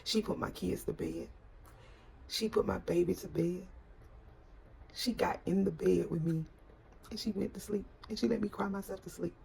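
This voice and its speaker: A woman's voice: mid-range voice, moderate pace, long pauses, a little mellow. A middle-aged woman telling a personal story to viewers in an emotional, repetitive way, calling them y'all. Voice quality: gravelly, husky voice.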